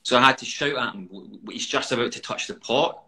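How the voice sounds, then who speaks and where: Lively man telling anecdotes. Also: medium pitch, quick pace. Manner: animated, self-deprecating storyteller. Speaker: actor guest. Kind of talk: casual chat. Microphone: video call.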